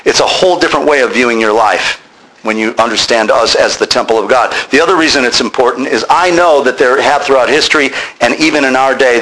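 A man's voice: mid-range voice, bright, forceful tone, rough recording. A man preaching a sermon, emphatic and exhorting his listeners directly.

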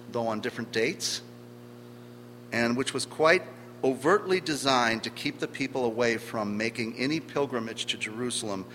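A man's voice: mid-range voice, a bit bright. A man preaching a sermon, emphatic, stressing key words by swelling in volume. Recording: long hall reverb with faint hum.

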